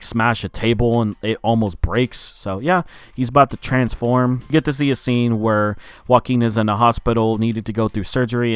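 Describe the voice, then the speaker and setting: A man's voice: mid-range voice, clear, resonant tone, no room sound. A man casually recapping a movie plot for his review channel, loose and profane, with lots of filler words. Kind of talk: casual spoken film review.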